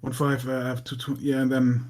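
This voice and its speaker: A woman playing a tabletop game, lively and laughing as she acts out her character. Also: rumbling low, a little fast. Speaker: player.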